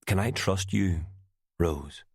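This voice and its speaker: A man reading the part of a charming, calculating gunman on the run, with a smooth, persuasive manner. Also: sits low, slow pace, no room sound, clean studio sound, exaggerated voice.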